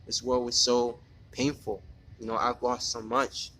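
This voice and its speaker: A man in a personal spoken monologue, talking in an earnest, halting way with many restarts and repeated words, defiant when he speaks straight to a critic. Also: mid-range voice, flat delivery, bright, forceful tone, slight background noise, poor audio.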